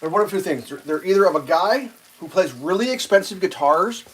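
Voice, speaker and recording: A man's voice: sits high, animated, brisk, noisy background. A man casually rambling through a story on a live stream, swearing freely and acting out what others said in a raised voice. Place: home kitchen while cooking.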